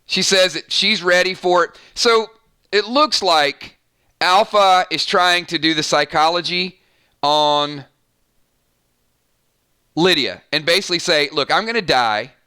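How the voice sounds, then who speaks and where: A man's voice: high-pitched, steady tone, slow, long pauses, sharp tone, clean tone. A man hosting a live stream, chatting casually and thanking viewers by name, often stumbling and restarting his sentences. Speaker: live-stream show host.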